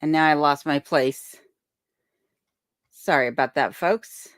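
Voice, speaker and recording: A low-pitched woman talks slowly as she hosts a casual livestream from a remote home in Alaska, reading out comments and thanking viewers in a chatty manner. The sound is clean and studio-like with no room sound, picked up by a desk microphone on a boom arm.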